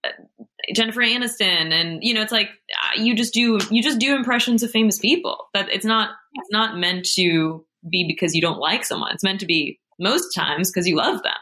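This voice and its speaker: A woman guest on a podcast, talking quickly and playfully, cracking jokes. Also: medium pitch, sharp tone. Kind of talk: casual podcast chat.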